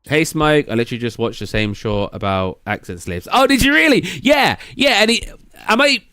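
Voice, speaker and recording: A man's voice: on the high side, big pitch swings, brisk, pushed and bright, smooth, dry recording, clean studio sound. A British man chatting casually on a live stream, rambling and reading out and answering viewers' messages. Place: indoors at a gaming computer.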